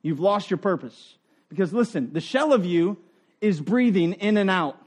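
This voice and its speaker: A middle-aged man preaching a sermon in an earnest, conversational way, dropping to quiet asides and rising for emphasis. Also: high voice, animated, normal speed, breathy edge. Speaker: pastor.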